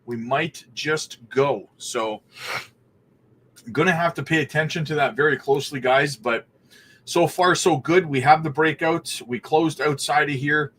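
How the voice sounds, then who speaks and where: A man with a slightly higher voice hosts a casual crypto live stream. He sounds upbeat and friendly, calling his viewers buddy and brother as he walks through the charts. It sounds like he is at a desk mic by his computer. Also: moderate pace, a bit bright. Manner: upbeat, greets chatters by name, calls them buddy and brother.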